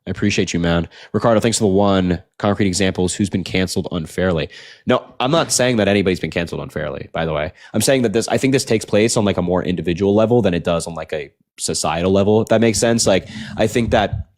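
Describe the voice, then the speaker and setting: A man's voice: deep voice, darkish tone. A young man hosting a late-night political livestream, ranting earnestly, repeating himself, and reading out chat donations while sounding tired. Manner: earnest, repetitive, fast rants with filler "like".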